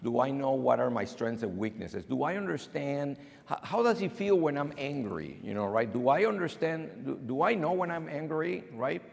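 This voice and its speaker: In a big banquet hall with long reverb, a foreign keynote speaker with a somewhat gravelly voice delivers a lunchtime conference talk. His pitch sits in the middle and his pace is moderate, and he plays every character as he animatedly acts out his stories.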